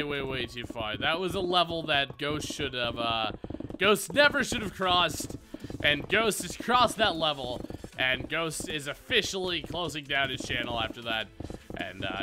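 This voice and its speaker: A young man rambling through Minecraft commentary as a gaming YouTuber, full of self-mocking jokes. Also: on the high side. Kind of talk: casual Minecraft let's play commentary.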